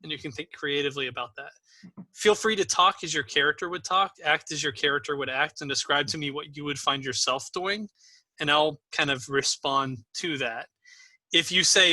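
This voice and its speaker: A man's voice: on the high side, fairly even intonation, normal speed, pushed and bright, no room sound. A man acting as game master, patiently explaining the game and encouraging new players, with frequent ums.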